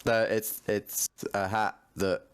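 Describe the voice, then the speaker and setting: A man's voice: fairly low pitch, level tone, slow pace, clean tone. An English man on a video call, talking with dry, self-deprecating humor. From England. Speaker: guest panelist. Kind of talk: casual chat.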